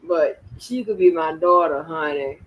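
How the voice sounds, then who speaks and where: A man's voice: on the high side, fairly bright tone, rough recording. A man hosting a casual reaction chat, laughing and restarting his sentences as he finds the right clip. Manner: chatty, laughs often, slow restarts. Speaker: host reacting to a story.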